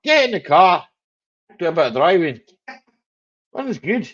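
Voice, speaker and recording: Slow-talking man, jokey stream host. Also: high-pitched, big pitch swings, fairly bright tone, muffled recording. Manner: jokey and rambling, chuckling often. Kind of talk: casual live chat.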